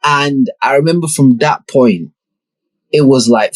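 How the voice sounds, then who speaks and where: A man's voice: medium pitch, unhurried, no echo, rough recording. A young man, hosting a podcast and telling a story in a laid-back, slangy way with plenty of swearing. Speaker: podcast host. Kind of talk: casual storytelling.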